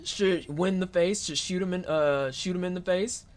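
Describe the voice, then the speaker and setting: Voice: mid-range voice, normal speed. A streamer joking and swearing through commentary while playing a horror game. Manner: joking, profane, animated. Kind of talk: live gameplay commentary.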